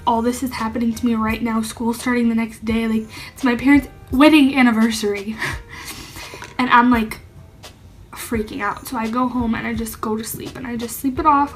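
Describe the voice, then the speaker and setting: A young woman with a slightly high voice shares a personal coming-out story straight to camera. She talks casually, full of "like", and her voice turns tearful at times. Soft music plays faintly behind her. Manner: heavy use of "like", emotional and tearful at times. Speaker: vlogger.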